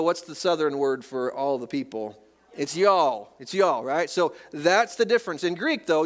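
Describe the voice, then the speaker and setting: Folksy pastor preaching a sermon. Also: male voice, a little high. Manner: folksy, reads scripture aloud, jokes with congregation. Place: church sanctuary.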